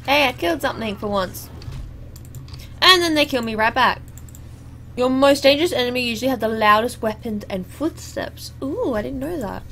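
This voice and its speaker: A woman's voice: on the high side, expressive, moderate pace, gravelly, sharp tone, a little hiss or hum. A young woman, chatting and exclaiming as she comments live on her own gameplay. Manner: chatty, exclaiming at the game, laughing. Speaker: gaming YouTuber.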